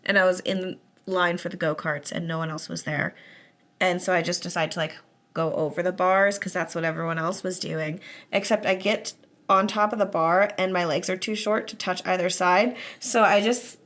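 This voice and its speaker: A young woman co-hosting a casual podcast, self-deprecating and quick to cackle. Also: on the low side, steady tone, a bit bright. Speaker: podcast co-host. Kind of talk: casual chat.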